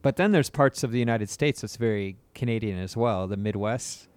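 A man's voice: fairly low pitch, normal speed, clear, resonant tone, no room sound. Crude, joking male podcast host. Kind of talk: casual interview chat.

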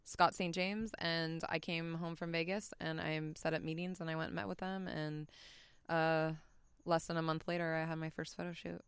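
Woman guest, chatty storyteller; lowish, smooth voice, dry close sound. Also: little pitch movement, normal speed, no echo. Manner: chatty, laughs often, trails off and restarts. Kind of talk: casual storytelling chat.

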